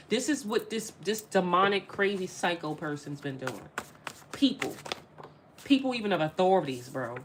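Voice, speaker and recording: A woman's voice: on the low side, animated, moderate pace, background noise. Emphatic woman giving a tarot reading. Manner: emphatic, repeats phrases, addresses viewers directly. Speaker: tarot reader. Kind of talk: casual spiritual reading to camera.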